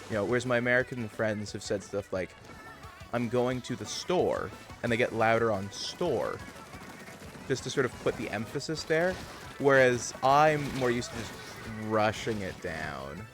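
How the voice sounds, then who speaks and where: A man's voice: mid-range voice, animated, normal speed, music in the background. A man chatting casually with his stream viewers, rambling and thinking aloud as he plays. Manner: chatty, digressive, muses about pronunciation. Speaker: livestream gamer.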